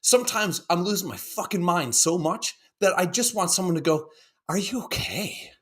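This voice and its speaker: A man's voice: high voice, animated, a little fast. A man in his thirties co-hosting a podcast in casual chat, rambling, swearing a lot, and acting out other people's voices. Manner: profane, rambling, acts out quoted voices. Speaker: podcast co-host.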